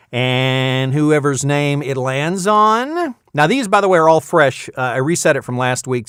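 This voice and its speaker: Here a fifties-aged voice actor chats casually on his weekly vlog, recorded in his insulated home booth with studio quality and no room sound. At medium pitch, he turns playful, launching into a hammy mock-announcer routine for a game-show style giveaway.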